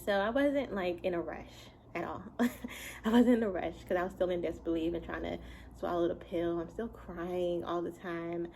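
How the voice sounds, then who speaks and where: A young woman in a chatty home storytime, her voice sitting a little low for a woman. She tells the story in an animated way, laughing as she goes. A faint hiss sits behind her. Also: normal speed, vocal fry, poor audio. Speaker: vlogger and mother. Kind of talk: casual storytime.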